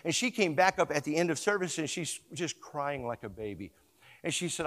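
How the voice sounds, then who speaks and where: Man preaching, higher voice, hall reverb. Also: animated, fairly quick. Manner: swings from hushed storytelling to loud emphatic preaching; calls on congregation to repeat words. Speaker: pastor. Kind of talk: sermon with storytelling.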